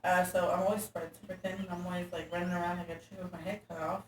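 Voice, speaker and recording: A woman's voice: on the low side, level tone, very fast, slight background noise. A woman who is a guest in a casual interview, talking candidly with many fillers. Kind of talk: casual chat. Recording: roomy echo from a distance, faint ambience.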